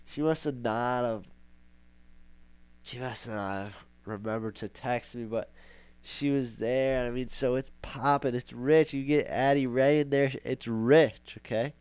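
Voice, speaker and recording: A man's voice: medium pitch, a little mellow, clear, resonant tone, no room sound. A young man hosting a casual podcast monologue, rambling and sarcastic, repeating himself for effect. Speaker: podcast host.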